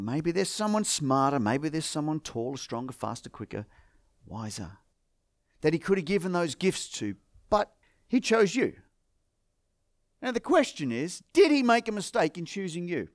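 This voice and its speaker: A man's voice: sits high, dry recording, studio quality. An Australian man preaching a sermon as pastor, firing rhetorical questions at the congregation.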